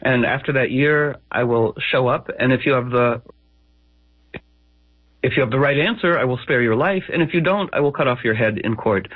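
A man's voice: medium pitch, moderate pace, slightly rough, dry recording, phone-quality sound, close to an everyday voice. A man voicing a vengeful knight who makes blunt threats in a radio story. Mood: threatening. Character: vengeful male knight, menacing yet fair.

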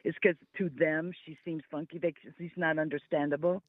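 A man's voice: on the high side, flat delivery, moderate pace, dry recording. Enthusiastic man on a tinny line. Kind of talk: casual chat.

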